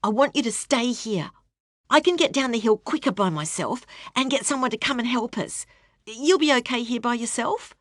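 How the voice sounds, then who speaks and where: A woman's voice: expressive, normal speed, fairly bright tone, no room sound, clean studio sound. A woman voicing a brave, indignant young girl calling for help in a storm. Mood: urgent. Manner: high urgent cries.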